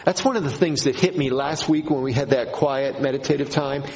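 A man preaching a sermon to his congregation, slow and emphatic, repeating key phrases. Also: mid-range voice, a little mellow, poor audio. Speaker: pastor.

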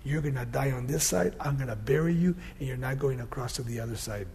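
A man voicing God as a stern but patient male deity, speaking in a calm, lowered, confiding way. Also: fast talker, gravelly, a little hiss or hum, close to an everyday voice.

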